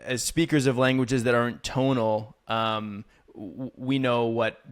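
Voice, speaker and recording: A man's voice: medium pitch, fairly even intonation, unhurried. A man hosting a casual interview, asking thoughtful follow-up questions. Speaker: host.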